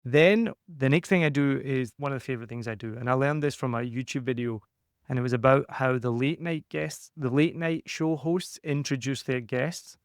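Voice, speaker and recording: A man's smooth, resonant voice at a middle pitch, talking in an energetic, conversational way as he coaches a podcaster. He acts out little quotes as he explains. The sound is dry and close, with no room around it. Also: moderate pace, no room sound.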